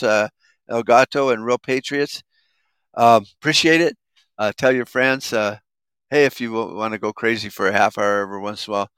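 A man's voice: mid-range voice, fairly bright tone, clear, resonant tone, no echo. A man hosting a podcast, giving a heated, profane rant while driving to work. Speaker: podcast host. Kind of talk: ranting live podcast monologue.

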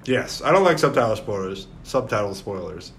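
A man's voice: lowish voice, normal speed, slight background noise. A man co-hosting a podcast, chatting casually and joking with his co-hosts. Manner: joking, lively banter. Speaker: podcast co-host. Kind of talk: casual chat.

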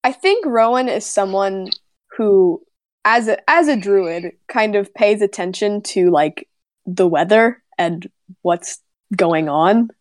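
A woman's voice: mid-range voice, animated, takes it slowly, dry recording. A woman playing in a tabletop game, chatting casually and giggling as she rambles. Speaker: player.

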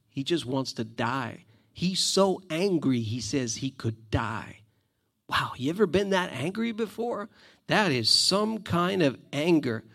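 Male preacher with a gravelly voice and a fairly high pitch, slow and emphatic in his sermon. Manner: emphatic, repeats phrases for stress.

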